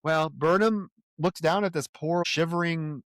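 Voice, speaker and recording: A man's voice: a little high, measured pace, a bit bright, dry recording, studio quality. A man co-hosting a film podcast, animatedly retelling scenes in casual chat and swearing freely. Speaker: podcast co-host.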